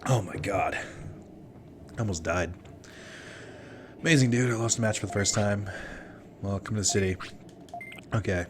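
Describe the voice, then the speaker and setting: A man's voice: fairly low pitch, moderate pace, pauses often, noisy background. A man from Minnesota giving casual, profane commentary on a video game he is playing while chatting with his viewers. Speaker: let's play streamer.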